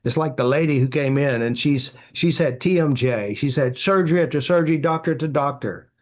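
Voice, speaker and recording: A man's voice: mid-range voice, fairly quick. Man telling client stories, chatty. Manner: anecdotal, acts out quoted dialogue, many "you know" fillers. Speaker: therapy practitioner. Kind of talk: storytelling interview answers.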